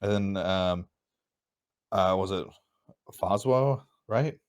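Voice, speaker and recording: A man's voice: sits low, slow pace, clean tone. A man on a podcast chatting casually, swearing and quoting himself as he retells his day. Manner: relaxed, swearing, quotes himself in stories. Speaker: podcast co-host. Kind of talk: casual chat.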